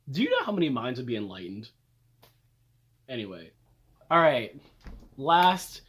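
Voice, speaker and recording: A young man ranting comedically about favorite characters, swearing, laughing and talking dramatically. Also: slightly rough. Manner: animated, swearing, laughing, dramatic jumps up in pitch. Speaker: video creator reviewing characters. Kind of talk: comedic casual rant.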